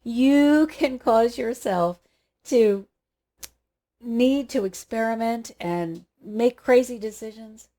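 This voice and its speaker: A woman host telling a personal anecdote straight to her viewers, lively and expressive. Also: on the high side, takes it slowly. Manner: animated storyteller, acts out dialogue. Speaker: spiritual coach and channel host. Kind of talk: personal anecdote told to camera.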